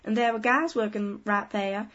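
A woman's voice: mid-range voice, normal speed, fairly bright tone, close to an everyday voice. A woman reading a quote aloud in a put-on Southern American drawl. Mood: playful. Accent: attempted Southern American. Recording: dull lo-fi sound.

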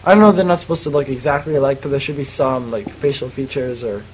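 A man co-hosting a casual group chat, talking in a relaxed, chatty way with some hesitation. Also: medium pitch, fast talker, a little hiss or hum, low-quality recording. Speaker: podcast co-host.

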